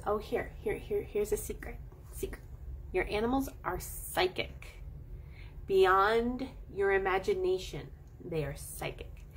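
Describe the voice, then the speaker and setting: Husky, playful woman coaching pet owners. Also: medium pitch. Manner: animated, playful, drawn-out emphasis. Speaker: animal chiropractor and channel host. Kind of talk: casual coaching talk to camera.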